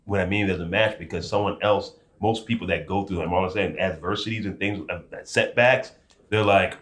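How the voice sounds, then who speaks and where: A man hosting a podcast, with a lowish voice and a bright, forceful tone. He builds up energy as he talks, growing louder and more animated. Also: brisk. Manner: animated, gets loud and excited when reflecting. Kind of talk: casual chat.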